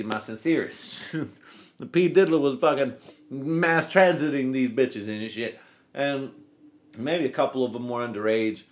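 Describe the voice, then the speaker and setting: Profane rambling comedy podcast man. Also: mid-range voice. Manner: loose, profane, rambling, acts out quotes in silly voices. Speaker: podcast host.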